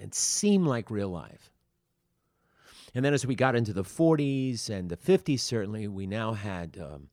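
A man's voice: on the low side, dry recording, studio quality. A man, an acting teacher, giving a conversational lecture on the history of acting and often saying "you see". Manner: acts out short quoted lines.

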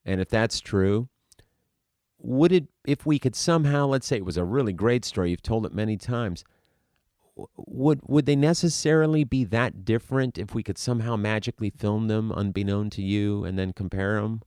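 A man speaking as an acting coach in an animated teaching monologue, asking rhetorical questions and acting out examples. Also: on the low side, normal speed, dry recording, studio quality.

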